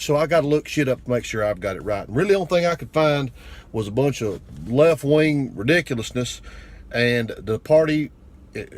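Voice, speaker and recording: Profane man ranting. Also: medium pitch. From United States. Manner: blunt, crude, self-deprecating, builds to shouting anger. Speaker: vlogger. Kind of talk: profane political rant to camera.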